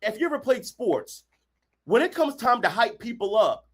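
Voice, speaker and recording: Animated man shouting motivational points. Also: extremely high pitch, normal speed, husky. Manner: animated, acts out quotes, bursts into shouts. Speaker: workshop host, counselor. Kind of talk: motivational workshop talk. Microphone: video call.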